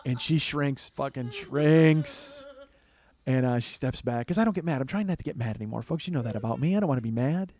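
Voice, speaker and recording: A man in his forties, a comedian hosting his podcast, telling a story in an animated, profane, exasperated way on a close studio mic. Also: mid-range voice, a little fast. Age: 40s. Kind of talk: comic storytelling monologue.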